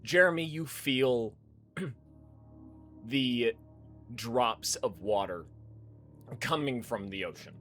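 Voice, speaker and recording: Slow, dramatic male game master. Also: fairly low pitch, fairly bright tone. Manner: vivid, dramatic narration. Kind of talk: narrating a tabletop game.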